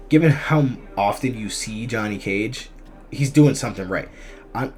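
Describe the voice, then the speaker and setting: Laid-back man with a low voice. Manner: relaxed, chatty, with frequent ums and restarts. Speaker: gaming YouTuber. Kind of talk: casual commentary on a fighting game tier list. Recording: faint music behind the voice.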